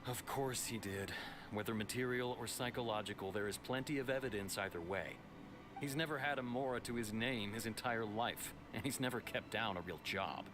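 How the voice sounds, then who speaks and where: A man's voice: mid-range voice, moderate pace, noisy background, close to an everyday voice. An actor playing a stern male city guard officer in a video game, giving a formal, briefing-like account.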